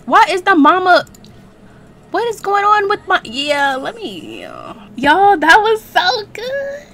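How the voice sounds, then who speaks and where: A woman's voice: very high voice, wildly swooping pitch, takes it slowly, pushed and bright. A young woman chatting playfully through a life-sim game, laughing often, using slang and reading in-game text aloud. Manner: casual slang and swearing. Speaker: let's play gamer. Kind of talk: casual gameplay commentary.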